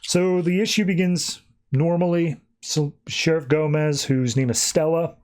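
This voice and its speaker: A man's voice: on the high side, fairly even intonation, measured pace, darkish tone. A man hosting a podcast, casually retelling a comic issue in a chatty, loose way with plenty of fillers. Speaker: podcast host. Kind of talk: casual comic book recap.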